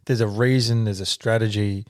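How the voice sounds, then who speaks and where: A man in a casual podcast chat, making his points in a measured, reasoned way. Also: fairly low pitch, fairly even intonation, dry recording, clean studio sound.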